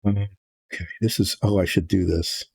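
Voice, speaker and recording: Gravelly low-voiced older man musing. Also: little pitch movement, moderate pace, a little mellow, dry recording. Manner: musing, rambling, thinks aloud with restarts. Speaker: miniature painter. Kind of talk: relaxed narration while painting.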